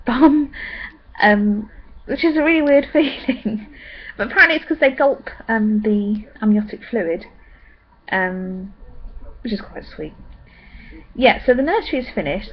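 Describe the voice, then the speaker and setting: A young woman chatting in a rambling way with many pauses and ums. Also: a little high, highs cut off. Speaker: vlogger. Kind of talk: casual pregnancy update vlog.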